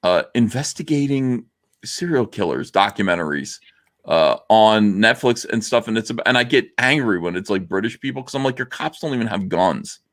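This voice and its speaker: A man's voice: fairly low pitch, expressive, moderate pace. A man from the US hosting a livestream, ranting sarcastically in a comment-reading commentary. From United States. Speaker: livestream host.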